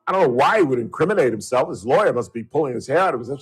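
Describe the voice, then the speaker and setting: A man's voice: medium pitch, lively intonation, very fast, few pauses, husky, soft background music, rough recording. A man hosting a call-in talk radio show, ranting at a caller in a heated, sarcastic way.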